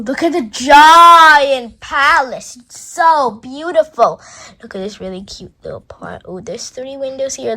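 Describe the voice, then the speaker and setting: Slow, lively woman reading to kids. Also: fairly high pitch, low-quality recording. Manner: chatty, asides to young listeners. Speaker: storyteller for children. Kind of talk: children's storybook read-aloud.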